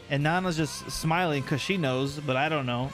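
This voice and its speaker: A young man casually commenting on a story game for his livestream chat, animated and joking as he recaps what happened. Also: on the high side.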